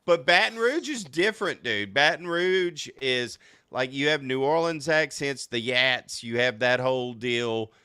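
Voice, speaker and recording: A man from Louisiana hosting a casual podcast chat, excitable, laughing often and tripping over restarts. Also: medium pitch, a little slow, smooth, no room sound, clean studio sound. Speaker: podcast host.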